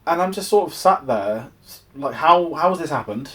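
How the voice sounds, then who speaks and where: A man's voice: on the high side, lively intonation, normal speed. A young English man giving a casual, exasperated film review, rambling with frequent restarts. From England.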